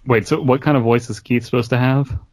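A man's voice: medium pitch, fairly quick. A man co-hosting a comedy podcast, laughing and chatting. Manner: laughing, lively. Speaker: podcast co-host. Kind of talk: casual comedic chat.

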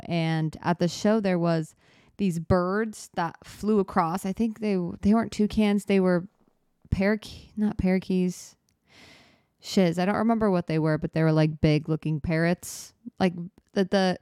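A woman's voice: lowish voice, darkish tone, smooth, dry recording, studio quality. A young woman in her twenties hosting a podcast, telling stories in a rambling, self-interrupting casual chat. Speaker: podcast host.

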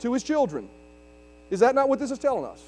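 A man's voice: very high voice, huge pitch swings, quick pace, darkish tone. A man preaching a sermon as pastor, driving his points with emphasis and questions to the congregation. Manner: preaching with rising emphasis and audience call-outs. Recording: long reverb of a large hall with mains hum.

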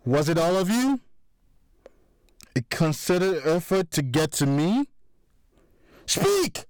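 A man voicing a furious middle-aged crime boss, talking loud and sarcastic as he accuses his crew. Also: on the high side, animated, unhurried, dry recording, clean studio sound, pitched above the performer's own voice. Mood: angry. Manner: angry, raised and sarcastic.

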